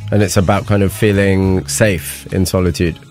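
A man interviewing guests, asking gentle, probing questions. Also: deep voice, flat delivery, moderate pace, soft background music.

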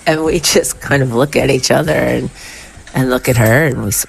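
Low, unhurried woman telling a story. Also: gravelly. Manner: vivid, animated retelling with quoted dialogue. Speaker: guest storyteller. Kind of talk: personal storytelling.

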